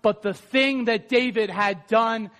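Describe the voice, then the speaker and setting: A pastor delivers a sermon in an animated, storytelling manner, talking straight to his congregation. His voice sits very high for a man. He keeps it conversational and full of energy. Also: measured pace.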